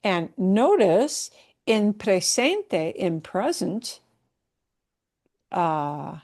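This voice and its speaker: A woman's voice: mid-range voice, sing-song, drawn-out words, a little mellow. A woman teaching a Spanish class, who explains patiently, repeats words with the stress on the right syllable and keeps checking in with "yeah?" and "okay?". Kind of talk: online language class.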